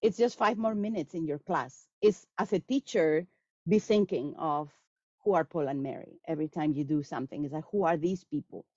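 A woman answers audience questions about teaching languages, her voice sitting a little low. She talks in an animated way and slips into quoted lines from students. The sound is dry and a bit dull, like a lo-fi recording. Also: normal speed, no room sound. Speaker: guest speaker on language teaching. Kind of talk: lecture Q&A answer.

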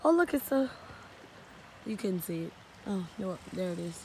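A woman's voice: mid-range voice, lively intonation, normal speed, a little mellow, slight background noise. A young woman chatting casually and swearing freely while vlogging on a phone outdoors. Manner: laid-back, swears often, slangy. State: out of breath. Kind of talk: casual vlog chat. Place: outdoors by a creek.

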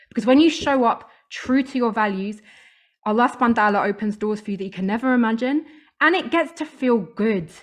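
A young woman leads a motivational talk in a slightly high voice. She sounds upbeat and emphatic and drives each point home by repeating its key word. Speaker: voice coach. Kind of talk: motivational talk to a live audience.

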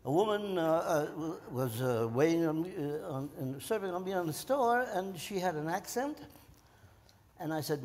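A man's voice: fairly high pitch, very animated, creaky, darkish tone. Elderly veteran telling his story in a hall. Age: 90s. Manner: halting, with many fillers and restarts. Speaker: war veteran guest. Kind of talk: storytelling interview. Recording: long reverb of a hall.

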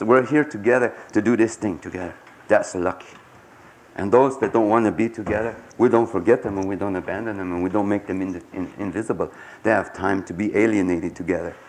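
A man speaking at a conference to a live audience, telling stories with great passion, swinging from low murmurs to high cries, in a 1990s archival recording. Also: a little hiss or hum. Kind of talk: storytelling talk to an audience. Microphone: 1990s archival live talk recording.

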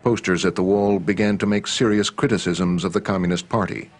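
A man giving scripted documentary narration in a measured, grave manner. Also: deep voice, fairly even intonation.

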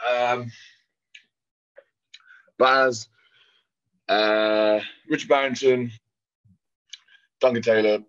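A man's voice: medium pitch, fairly even intonation, drawn-out words, long pauses, fairly bright tone, smooth, muffled recording. A male rugby player joining the call, teasing and joking with his teammate.

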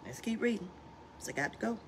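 A woman's voice: medium pitch, lively intonation, fast, slight background noise. A woman preaching a morning devotional in a fiery, colloquial style, acting out the people in the story. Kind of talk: sermon.

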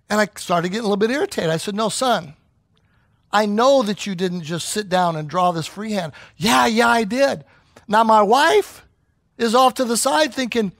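A man's voice: high voice, moderate pace, no echo. A middle-aged man preaching a sermon as pastor, telling stories and acting out the voices he quotes. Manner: animated storyteller who acts out quoted voices.

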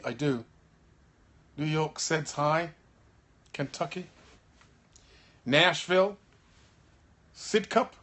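A tired man from Birmingham, an actor in a laid-back live-stream chat, reading out viewer comments into a phone he holds, often clearing his throat and trailing off with ums. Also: mid-range voice. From Birmingham, England. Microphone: phone held in hand.

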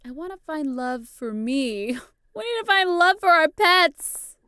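A woman's voice: high-pitched, sing-song, measured pace, pushed and bright. A young adult woman casually commentating a life-sim game, chatty and playful, often laughing. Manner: chatty, giggly, playful self-narration. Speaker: gaming YouTuber. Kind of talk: casual let's-play commentary.

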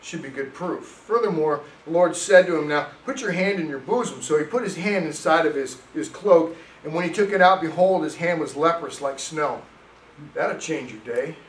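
Male pastor, sermon delivery, animated storyteller, roomy church sound. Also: a little high, moderate pace, far from the mic, slight background noise. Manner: animated storytelling, reads scripture aloud. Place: church sanctuary.

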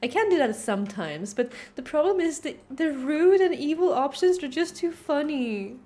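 Giggly high-voiced woman streamer. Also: moderate pace. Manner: giggly, animated. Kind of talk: casual game commentary.

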